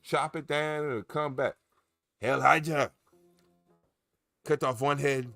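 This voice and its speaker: A man's voice: mid-range voice, a little slow, pauses often, a bit bright, no echo, soft background music. A man hosting a casual livestream, chatting in a jokey, rambling way with many restarts. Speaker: cannabis grow livestream host.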